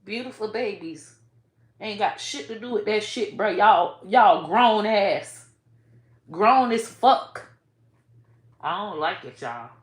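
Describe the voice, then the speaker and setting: A woman's voice: medium pitch, lively intonation, takes it slowly, pauses often. Blunt, emotional woman vlogger in echoey room. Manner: blunt, profane, keeps saying "bro" and "y'all"; emotional, swinging between soft and loud. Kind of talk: casual commentary to camera.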